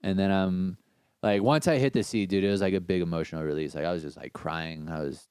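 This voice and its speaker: A man in casual conversation recounts a story with lively, slang-heavy energy and plenty of swearing. His voice sits a little low and sounds smooth and resonant. The recording is dry and close, with no room sound. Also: a little fast, no echo. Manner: animated, slangy, swears freely. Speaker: podcast guest.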